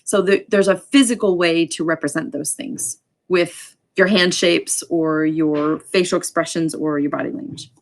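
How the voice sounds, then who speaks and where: A woman with a somewhat low voice leads a relaxed sign language class. She explains things loosely, filling pauses with ums and adding quick asides as she goes. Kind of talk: casual online class lecture.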